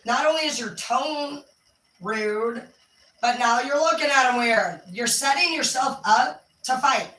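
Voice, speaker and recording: A woman's voice: on the high side, bright, forceful tone, echoey room, distant mic, poor audio. A woman giving candid, profane advice in a casual monologue, acting out other people's lines. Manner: candid and profane, acts out quoted voices. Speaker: speaker giving life advice.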